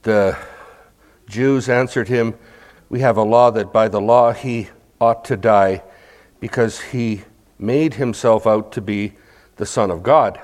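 A man's voice: fairly low pitch, slow pace, pauses often, a little mellow. A man preaching a sermon, explaining a scripture passage verse by verse, with asides to the congregation and acted-out crowd chants. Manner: acts out crowd chants and quotes.

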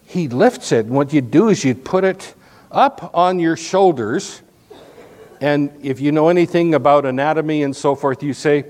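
A male pastor preaching a sermon in an animated, conversational, folksy way, with frequent restarts. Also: a little high, moderate pace.

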